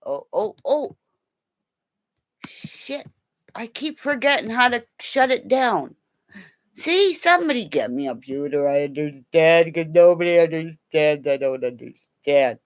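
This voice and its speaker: A woman's voice: deep voice, very animated, measured pace. An older woman signing off a livestream from home on her computer, rambling and joking crudely. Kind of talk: casual livestream sign-off chat. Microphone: computer mic.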